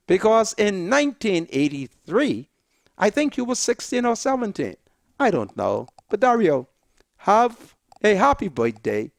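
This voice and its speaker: High, gravelly Bahamian man declaiming. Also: dry recording, clean studio sound. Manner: declamatory, insistent, repeats "listen". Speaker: talk show host. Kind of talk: emphatic monologue.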